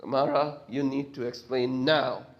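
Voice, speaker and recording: A man's voice: medium pitch, steady tone, measured pace, highs cut off, lightly acted. A man reading a story game aloud, voicing a curt, sarcastic young man. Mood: suspicious. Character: blunt, suspicious young man.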